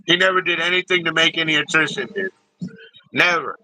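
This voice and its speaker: A man's voice: sits high, noisy background. A man hosting a livestream, ranting in a profane, rambling and heated way. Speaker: livestream host. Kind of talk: casual livestream rant.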